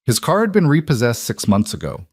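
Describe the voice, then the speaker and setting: A man reading a dramatic story as a narrator, in a steady, even storytelling manner. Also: mid-range voice, fairly quick, husky, no room sound, clean studio sound.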